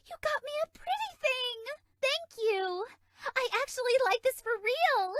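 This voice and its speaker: A woman's voice: very high voice, fairly bright tone, dry recording, exaggerated voice. A woman voicing a bubbly, scatterbrained female love fairy in a video game, sweet, giggly and dramatic.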